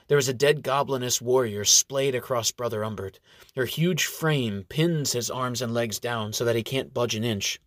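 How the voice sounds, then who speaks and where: A man narrates a fantasy audiobook in a steady, measured way at a mid-range pitch. The recording is dry and close, with no room sound. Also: no echo.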